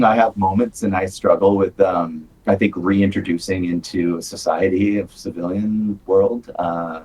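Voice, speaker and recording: A man's voice: sits low, steady tone, a little slow, few pauses, a little mellow, low-quality recording. A man who served in the military, talking candidly in a casual podcast chat, rambling with many fillers. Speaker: podcast co-host, veteran.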